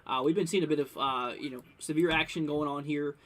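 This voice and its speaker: A young man talks through live weather updates in a loose, rambling way, full of fillers. His voice sits a bit high and sounds bright and forceful. He breaks into sudden excited bursts when new warnings come in. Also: fairly quick. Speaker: livestream weather host. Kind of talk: casual live weather commentary.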